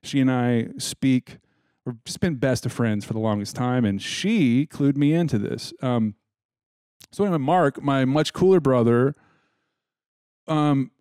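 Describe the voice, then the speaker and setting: A man's voice: mid-range voice, measured pace, mellow, clear, resonant tone, no echo. Rambling joking man on a dry mic. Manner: rambling, many restarts, joking. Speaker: podcast co-host. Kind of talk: casual chat.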